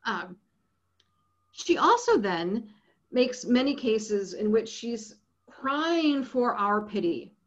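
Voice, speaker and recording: Woman lecturer, animated delivery with constant check-ins, a bit high-pitched, muffled lo-fi recording. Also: takes it slowly. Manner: lively, checks in with frequent "right?". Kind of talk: academic lecture.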